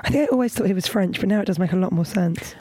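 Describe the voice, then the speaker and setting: A woman comedian co-hosting a podcast, bantering quickly in casual chat with indignant pushback. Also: mid-range voice, darkish tone, dry recording, clean studio sound.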